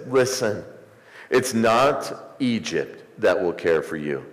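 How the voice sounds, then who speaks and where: A man preaching a sermon as pastor, rising into emphatic swells and slowing for pauses. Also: lowish voice, lively intonation. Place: church sanctuary. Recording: echoey church hall, some distance.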